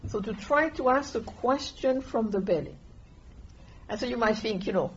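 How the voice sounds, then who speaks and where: A woman, gently guiding a meditation class in an unhurried, soft-spoken way. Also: fairly high pitch, a loud crowd. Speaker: meditation teacher. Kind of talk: calm meditation instruction. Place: meditation hall with listeners. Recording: dull lo-fi room recording with faint hiss.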